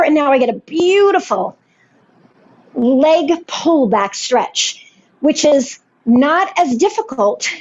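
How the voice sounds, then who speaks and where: A woman's voice: fairly high pitch, darkish tone, highs cut off. A woman Pilates instructor giving a live class and cueing each movement while she does it, encouraging throughout.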